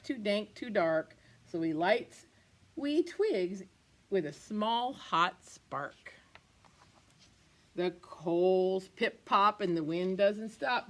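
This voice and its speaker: A woman teacher reading a picture book aloud to her class, expressive and playful, with asides to the children. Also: mid-range voice, drawn-out words.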